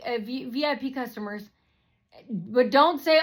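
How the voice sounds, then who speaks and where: Bright-voiced woman on a rambling rant. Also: on the high side, lively intonation, unhurried. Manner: rambling, repetitive, profane, many fillers. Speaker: vlogger. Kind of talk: rambling personal rant to camera.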